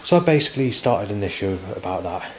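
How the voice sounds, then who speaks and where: A man's voice: lowish voice, sing-song, fast, a little hiss or hum, low-quality recording. A man in his forties, recording a rambling monologue to camera outdoors and circling back over his words. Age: 40s. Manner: rambling, repetitive, with frequent restarts. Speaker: vlogger.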